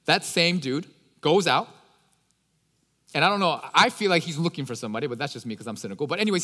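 Male pastor, fairly high voice, loose conversational sermon delivery, reverberant hall. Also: sharp tone. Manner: casual, slangy storytelling.

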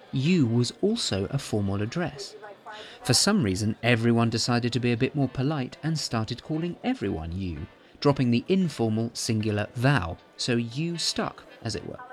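Playful man hosting a podcast. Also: mid-range voice. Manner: playful, chatty, theatrical asides. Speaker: podcast host. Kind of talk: scripted comic narration.

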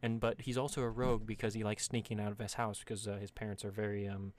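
A man's voice: flat delivery, fast talker. A man in casual tabletop game chat, rambling and swearing as he invents a character. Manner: profane, rambling, breaks into high squealing voices for jokes.

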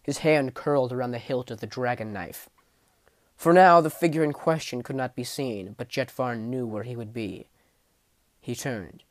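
A man narrates a fantasy audiobook with vivid, intense storytelling at a normal speed. His mid-range voice rises with the action and drops to a low menace in the darker passages. The recording is dry and close, with no room sound.

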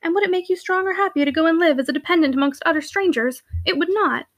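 A woman voicing a lively, outspoken young heiress who talks emphatically and decidedly. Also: extremely high pitch, quick pace, no echo, clean studio sound, pitched above the performer's own voice. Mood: firm.

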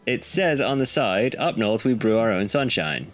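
A laid-back man from the UK with a fairly low voice co-hosts a relaxed podcast. He talks in an amused, self-deprecating way. Faint music sits underneath. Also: moderate pace. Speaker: podcast co-host. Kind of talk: casual chat.

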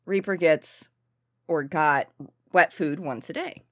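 A woman's voice: sits low, slow pace, fairly bright tone, no echo, clean studio sound. A woman in casual podcast chat, blunt and chatty, swearing casually.

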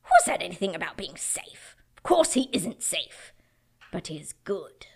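A woman's voice: fairly low pitch, very animated, a little slow, husky, exaggerated voice. A woman voicing a stern male talking beaver as she reads a storybook passage aloud, with emphatic delivery.

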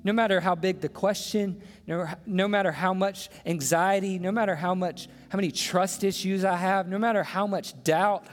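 A man's voice: high-pitched, steady tone, moderate pace, hardly any pauses. A man preaching a sermon as pastor, impassioned, asking the congregation rhetorical questions. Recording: long hall reverb with faint music.

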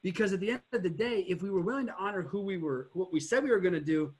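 A former car dealership owner with a high-pitched voice talks fast on a casual podcast. He's an animated storyteller who acts out customers and swears as he goes.

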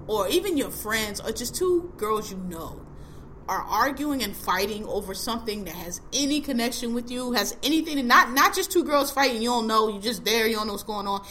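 A woman's voice: on the high side, fairly bright tone, a little hiss or hum. A woman in her forties hosting a podcast, ranting bluntly and with heavy profanity in casual chat. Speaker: podcast host.

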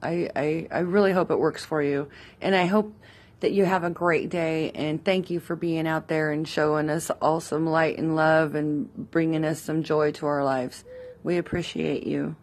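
A woman's voice: low-pitched, steady tone, moderate pace, a little mellow. A woman leaving a friendly, chatty voice message. She repeats herself and giggles as she talks. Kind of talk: casual voice message.

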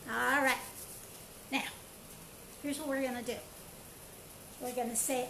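Brief: high-pitched, upbeat woman leading an online movement class, echoey room, faint background noise. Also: steady tone, measured pace, creaky, long pauses. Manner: upbeat, playful, coaching with counts and shouts. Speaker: karate and movement instructor. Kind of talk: live online exercise class.

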